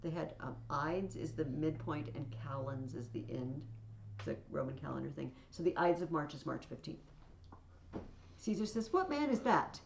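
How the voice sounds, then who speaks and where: A woman's voice: low voice, normal speed, gravelly, a little mellow, slight background noise. Chatty woman teacher, echoey muffled audio. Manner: chatty, explains in asides, reads scenes aloud. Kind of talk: casual classroom explanation.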